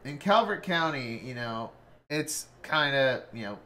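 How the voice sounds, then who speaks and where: A man's voice: mid-range voice, animated, measured pace, pushed and bright. A man chatting casually with friends on a stream, telling rambling stories full of fillers. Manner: rambling storyteller, many fillers, mimics voices. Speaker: co-host.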